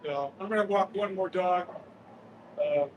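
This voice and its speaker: A man walking dogs, giving a relaxed, practical aside to a streamer. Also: high-pitched, measured pace, dull audio, a crowd in the background. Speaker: dog walker. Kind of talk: casual aside.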